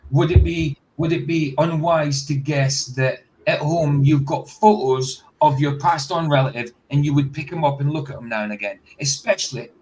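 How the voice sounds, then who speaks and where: A man's voice: fairly high pitch, moderate pace, hardly any pauses, darkish tone, a little hiss or hum, rough recording. Blunt skeptical man reacting. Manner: blunt, skeptical, rhetorical questions. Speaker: host. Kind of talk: casual reaction commentary.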